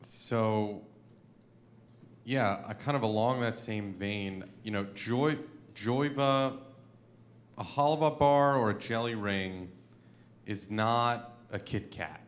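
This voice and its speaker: A man's voice: fairly low pitch, slow, long pauses. A man at a panel conversation asking a long, thoughtful question. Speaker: panel participant, son of a co-president. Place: synagogue event hall.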